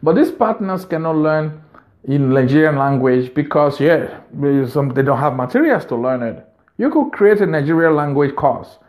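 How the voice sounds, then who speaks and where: A man's voice: on the high side, lively intonation, normal speed, a little mellow. A man hosting a video, giving business advice in an unscripted monologue, earnest and repeating phrases for emphasis.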